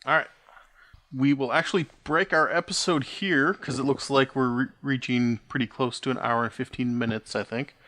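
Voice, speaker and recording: A man's voice: mid-range voice, fairly even intonation, normal speed, bright, forceful tone. Easygoing male game master, casual sign-off, mid-range voice.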